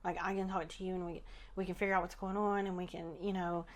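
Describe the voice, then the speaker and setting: Low-voiced woman healer, thoughtful and halting. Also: little pitch movement. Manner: thoughtful, trails off and restarts, laughs softly. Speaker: spiritual healer. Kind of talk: casual podcast conversation.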